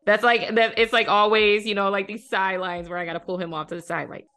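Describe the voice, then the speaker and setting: A woman's voice: mid-range voice, level tone, quick pace, few pauses, bright, forceful tone, clear, resonant tone, faint music behind. A woman hosting a podcast interview in a chatty, casual way, with many filler words and easy laughter. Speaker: podcast host.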